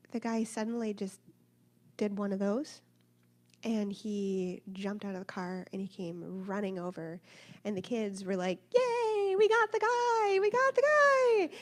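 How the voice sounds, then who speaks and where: A woman in her thirties telling a personal story in a church talk, acting out the voices of the people in it. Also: mid-range voice. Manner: animated, acts out voices of others in her story. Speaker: speaker sharing a personal story.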